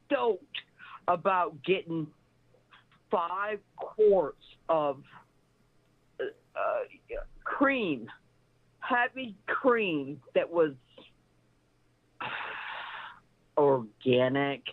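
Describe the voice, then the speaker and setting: Rambling older woman caller, over sixty, lively up-and-down voice, tinny dry phone line. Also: deep voice, extremely slow, pauses often, no echo. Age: 60s. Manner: rambling, excitable, swears freely. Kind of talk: casual phone-in chat.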